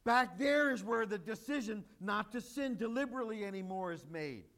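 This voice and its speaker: A man's voice: high voice, lively intonation, fairly quick, fairly bright tone. A male pastor preaching a sermon, emphatic and joking with the congregation.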